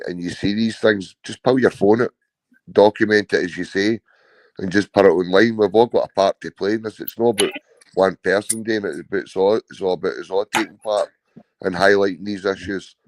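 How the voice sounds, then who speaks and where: A man's voice: low voice, no room sound, rough recording. A Scottish man talking hesitantly with many fillers on a live stream video call. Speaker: guest.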